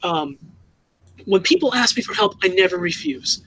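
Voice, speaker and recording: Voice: medium pitch, very animated, moderate pace, creaky, fairly bright tone, slight background noise, rough recording. A fan commentator giving an earnest, critical opinion, often restarting and correcting themselves mid-sentence.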